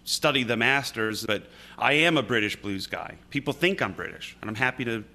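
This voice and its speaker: A man from upstate New York talks as an interview guest. His voice is bright and forceful, with a mid-range pitch. He tells his stories loosely and restarts his sentences often. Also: lively intonation, normal speed, creaky. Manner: anecdotal, with many restarts. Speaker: guest musician. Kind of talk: casual interview chat.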